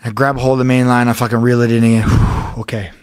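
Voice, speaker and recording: A man's voice: medium pitch, flat delivery, clear, resonant tone, dry recording. Guy on a podcast, swears a lot, tells it in bursts, dry close sound. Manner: intense, profane, halting retelling. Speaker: podcast guest. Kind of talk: storytelling in casual chat.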